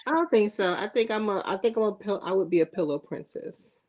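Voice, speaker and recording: A woman's voice: mid-range voice, fairly quick, over a noisy crowd. A woman co-hosting a casual group podcast, joking playfully. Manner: playful, jokey. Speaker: podcast co-host.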